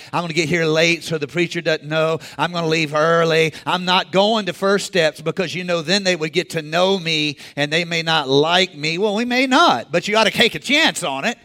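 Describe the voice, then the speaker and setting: A man preaching a sermon in a conversational way, rising to shouts and acting out the people in the story. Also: a little high, brisk, few pauses. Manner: acts out quoted characters in the story. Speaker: pastor.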